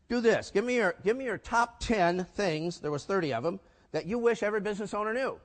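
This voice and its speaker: A man's voice: high voice, brisk. Man telling stories in a hall. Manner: animated storyteller acting out quoted dialogue. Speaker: keynote speaker. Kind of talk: storytelling keynote talk. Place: conference hall. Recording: hall reverb.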